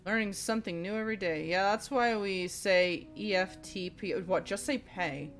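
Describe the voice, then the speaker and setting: A woman livestreaming a game, chatting casually with her viewers, swearing often and reacting loudly as she plays. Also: medium pitch, moderate pace. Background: faint game music.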